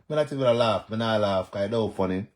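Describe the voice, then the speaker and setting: A man's voice: fairly low pitch, moderate pace. A young man with a Jamaican accent, chatting casually on a live stream and answering viewers by name. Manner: animated, reads out viewer comments and answers them.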